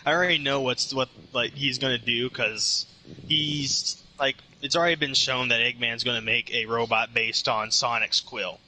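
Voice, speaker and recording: A man chats casually as a fan in a relaxed, laid-back manner. His voice is very bright and sharp. He speaks at a middle pitch. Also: normal speed, slight background noise, low-quality recording. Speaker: fan discussing a movie trailer. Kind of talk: casual chat.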